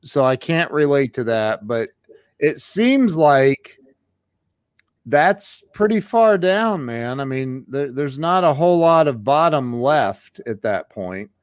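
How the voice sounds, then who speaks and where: A man hosting a podcast interview, speaking in a casual, relaxed way, dropping "dude" and "man". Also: mid-range voice, takes it slowly, smooth, no room sound. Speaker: podcast host.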